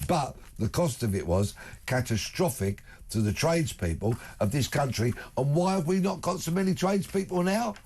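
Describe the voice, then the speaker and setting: A man's voice: a little high, expressive, moderate pace, a little mellow, breathy edge. A man, a guest on a talk radio show, speaking emphatically and stringing together long spoken lists. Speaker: studio guest. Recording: broadcast studio.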